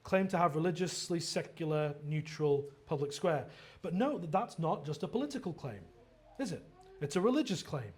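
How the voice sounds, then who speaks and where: High-voiced man preaching an earnest sermon. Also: moderate pace, slightly rough. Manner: earnest expository preaching with frequent restarts and "right?" asides; quotes dialogue in lively voiced asides. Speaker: pastor.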